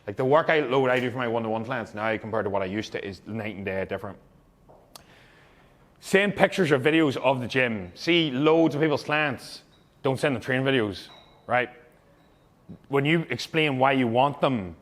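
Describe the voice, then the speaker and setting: A man's voice: medium pitch, moderate pace. A young man, a fitness coach, giving blunt, heavily profane, emphatic advice to fellow coaches.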